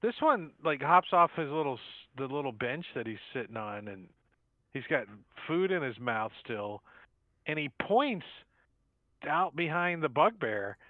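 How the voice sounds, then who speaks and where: A man's voice: a little high, very animated, unhurried, no echo. A man running an online tabletop game as game master, narrating in a loose, rambling way with fillers. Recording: tinny dry phone-like line.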